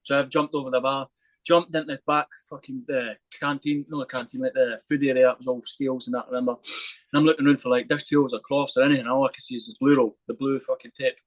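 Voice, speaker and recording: A young adult man, a podcast guest telling a story in casual interview talk, animated and swearing freely. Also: mid-range voice, quick pace, no room sound, low-quality recording.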